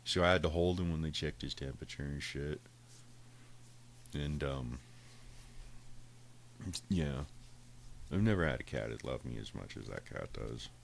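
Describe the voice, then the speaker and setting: A man with a very low voice tells a loose, rambling story on a podcast. He swears freely and keeps the tone casual and conversational. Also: unhurried, vocal fry, long pauses, slight background noise. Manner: profane, rambling, laughing. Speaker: podcast host.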